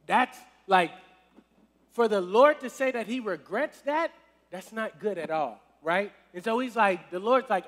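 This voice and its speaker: Brief: high-pitched male youth preacher, casual and chatty, long hall reverb. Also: expressive, unhurried. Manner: conversational, checks in with the crowd often. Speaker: youth minister. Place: church service hall.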